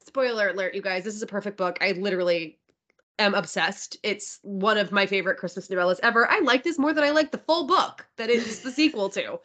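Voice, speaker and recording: A woman's voice: mid-range voice, a little fast, a bit bright. A woman co-hosting a podcast, reviewing a romance novel in casual, enthusiastic chat and swearing now and then. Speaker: podcast co-host.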